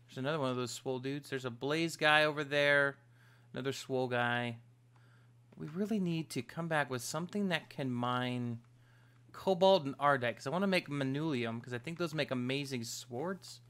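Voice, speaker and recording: Excitable bright-voiced gaming host man. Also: medium pitch, moderate pace, clear, resonant tone. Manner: excitable, yelps and trash-talks game enemies. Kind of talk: casual let's-play commentary.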